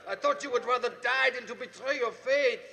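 A bitter, mocking murderer sneers from a cornered ballroom. His voice sits very high, with a gravelly edge and a bright, hard tone. A long reverb trails every line. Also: a little fast, full character voice. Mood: sneering. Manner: sneering, taunting. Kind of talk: 1940s radio acting.

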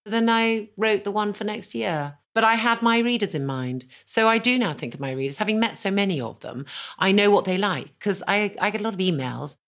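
A middle-aged woman, a novelist, chatting as a podcast guest, telling anecdotes in an animated, self-deprecating way. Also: mid-range voice, fairly quick. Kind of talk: conversational interview, anecdotal storytelling. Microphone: podcast microphone.

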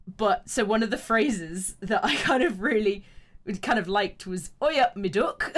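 A woman from England, chatting casually and giggling on a game live stream, with a lingering cough. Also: on the low side. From southern England. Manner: giggly, chatty, talks to her cats and chat.

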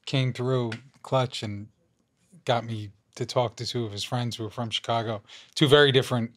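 A man, a guest actor, telling a relaxed anecdote in a casual interview. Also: mid-range voice, normal speed, slight background noise. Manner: relaxed storyteller.

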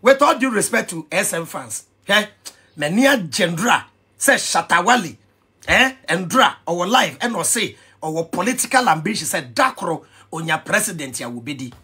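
Husky high-pitched Ghanaian man. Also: normal speed. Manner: excitable, switching between pidgin and Twi, shouting and laughing. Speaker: vlogger. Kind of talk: animated commentary rant.

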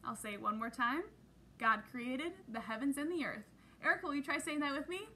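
A woman's voice: high-pitched, brisk, pushed and bright, a little hiss or hum. A woman teaching a children's Bible lesson, upbeat and encouraging, leading the kids in call-and-response. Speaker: Sunday school teacher.

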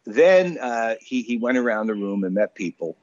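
A man's voice: medium pitch, moderate pace, no room sound. Older guy telling a story on a radio show, lots of uhs and you knows, muffled dry sound. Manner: animated storyteller with frequent fillers. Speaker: guest, author. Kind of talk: casual anecdote telling.

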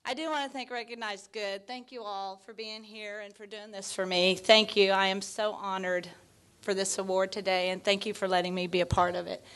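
Holding back tears, an award honoree from Texas in her fifties thanks everyone in a heartfelt, unpolished acceptance speech full of soft laughs and "um"s. Her voice is mid-range and warm with emotion, steady in tone, and her pace is moderate.

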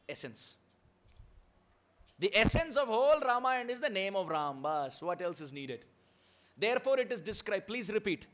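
High-voiced Indian man preaching. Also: big pitch swings, moderate pace, pauses often, a bit bright. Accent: Indian English. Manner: leads call-and-response, chants Sanskrit verses. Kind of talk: storytelling sermon.

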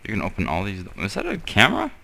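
Deep-voiced young man sarcastically commenting gameplay. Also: wildly swooping pitch, fast, creaky, sharp tone. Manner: sarcastic, mutters and swears at the game. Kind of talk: casual let's-play commentary.

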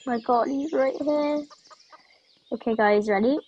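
A woman chatting casually as she vlogs, rambling along and trailing off into soft asides. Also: sits high, measured pace, long pauses, lo-fi sound. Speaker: vlogger. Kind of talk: casual vlog chat.

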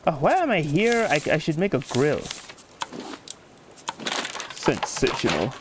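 Man, gamer commentary, jokey put-on Irish lilt, swearing, very animated swings, noisy game sounds behind. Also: fairly high pitch, measured pace, pauses often. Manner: excitable, swearing, yelling at the game. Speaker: gaming YouTuber. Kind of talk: let's play commentary.

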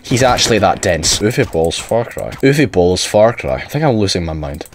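A man's voice: lowish voice, animated, moderate pace, slight background noise. A young man giving sweary, exasperated comedic commentary over gameplay. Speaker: gaming YouTuber.

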